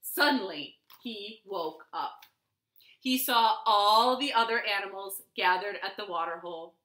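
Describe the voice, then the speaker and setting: Slow, expressive woman reading a storybook. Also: a little high. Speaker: children's librarian. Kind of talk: storytime read-aloud. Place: living room. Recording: echoey living room.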